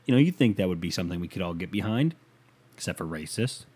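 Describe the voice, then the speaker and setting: A man's voice: low-pitched, expressive, fast talker, darkish tone, husky. A man hosting a casual, comedic rant show, talking in a profane, sarcastic and rambling way.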